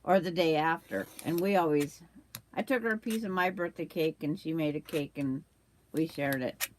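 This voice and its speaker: A woman's voice: sits low, moderate pace, a little hiss or hum. Chatty older woman sewing on a livestream. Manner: chatty, reads out viewer comments, hiccups. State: hiccups. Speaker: quilting livestream host. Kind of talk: casual chat while sewing on a livestream.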